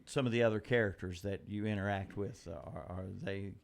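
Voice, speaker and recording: A man's voice: fairly low pitch, fairly even intonation, brisk, slight background noise. A man hosting a community TV interview, asking questions in a folksy way with frequent restarts. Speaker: TV interview host.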